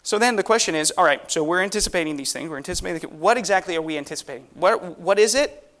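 Man, preacher; earnest sermon delivery with rhetorical questions, a touch higher voice. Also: lively intonation, racing, fairly bright tone.

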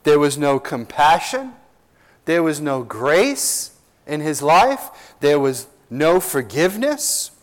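A man preaching an expository sermon as pastor, earnest and emphatic, with slow drawn-out stresses and rhetorical questions. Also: a little high, big pitch swings.

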